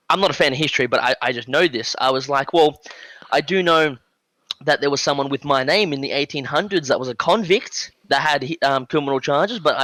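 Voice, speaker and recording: A man's voice: medium pitch, no echo. A young man with an Australian accent telling a story on a casual podcast, acting out the dialogue with lots of fillers. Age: young adult. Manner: animated, acts out dialogue, many fillers. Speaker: podcast guest.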